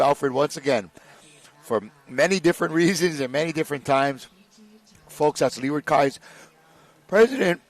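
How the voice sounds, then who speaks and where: A man co-commentating a live canoe race, laid-back and joking. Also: fairly high pitch.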